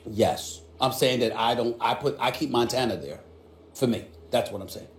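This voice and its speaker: A man argues on a sports debate show with a loud, emphatic, repetitive rant. His voice sits in a roomy space with audible echo. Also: medium pitch, moderate pace. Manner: emphatic, ranting, repeats himself.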